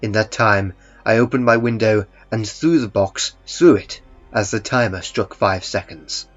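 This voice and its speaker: A man reading a first-person horror story in a calm, dry, understated way. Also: on the low side, measured pace. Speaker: narrator. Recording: muffled, with faint music beneath.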